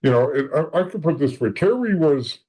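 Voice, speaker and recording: Animated man telling a gritty story. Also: a little high, brisk, low-quality recording. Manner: animated, acts out quoted voices, swears. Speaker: podcast guest. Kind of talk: storytelling in an interview.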